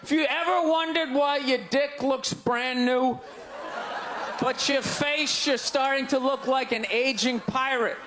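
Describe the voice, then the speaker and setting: A man with a Boston accent doing a stand-up set on stage, ranting in loud, exasperated bursts that break into shouts. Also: extremely high pitch, steady tone, unhurried. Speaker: stand-up comedian. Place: live comedy stage before an audience. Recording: live crowd laughter, faint background noise. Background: audience laughter.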